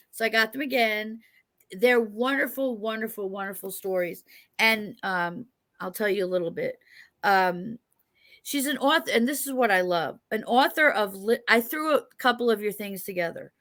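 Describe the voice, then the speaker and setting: In a fairly high, slightly bright voice, a woman from New York hosts a laid-back interview, chatty and joking and prone to rambling, with a clear New York accent.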